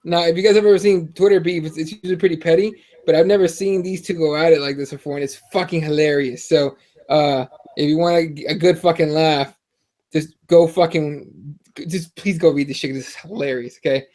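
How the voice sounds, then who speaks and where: A man's voice: a little high, steady tone, brisk, a little mellow. A man hosting a sports podcast in casual, profane, joking chat. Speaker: podcast host.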